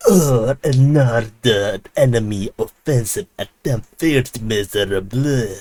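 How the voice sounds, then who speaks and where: A man's voice: mid-range voice, slow pace, a little mellow, dry recording. Sneering british bad guy gloating, some guy putting it on, dry sound. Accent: British (put on). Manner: gloating, taunting. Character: sneering British male villain.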